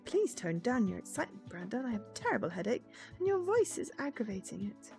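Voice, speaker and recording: A woman's voice: fairly high pitch, very animated, a little fast, vocal fry, a little mellow, faint music behind. A woman voicing an earnest young heroine. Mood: irritated. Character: young woman heroine, shaken but determined.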